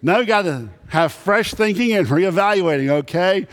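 A man's voice: high-pitched, expressive, moderate pace, fairly bright tone. A man preaching a sermon to a congregation, telling folksy, humorous stories. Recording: long reverb of a big hall.

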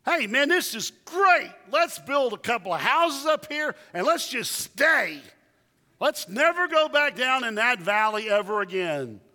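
A man preacher voicing an excited male disciple who wants to stay on the mountaintop, exuberant and shouting with delight. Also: very high voice, measured pace, voice pushed up, full character voice. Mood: thrilled. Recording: long church reverb.

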